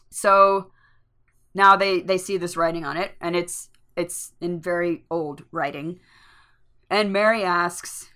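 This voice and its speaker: Bright-voiced woman podcast co-host. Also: fairly low pitch, steady tone, unhurried. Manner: retells the story with frequent laughs and fillers. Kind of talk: casual book discussion.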